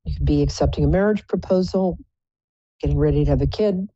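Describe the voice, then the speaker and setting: A woman's voice: deep voice, fast talker, warm tone, no echo, lo-fi sound. A woman hosting a live psychic call-in show, chatting in a playful, rambling, self-mocking way. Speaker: psychic radio show host.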